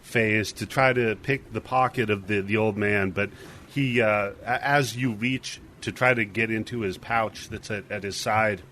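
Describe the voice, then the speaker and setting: A man's voice: fairly low pitch, fairly even intonation, a little slow, a bit bright. A man narrating a tabletop game as dungeon master, casual and given to laughing. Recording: faint hiss, clipping mic.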